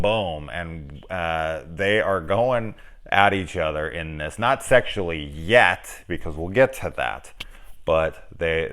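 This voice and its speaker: A man's voice: low-pitched, a bit bright. A man reviewing a film in casual, rambling, joking chat, swearing freely. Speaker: movie reviewer.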